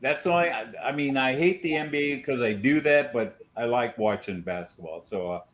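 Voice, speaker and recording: Male podcast host, opinionated rambler, chewing gum, casual talk, middle pitch. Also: a little fast, fairly bright tone. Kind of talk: casual banter.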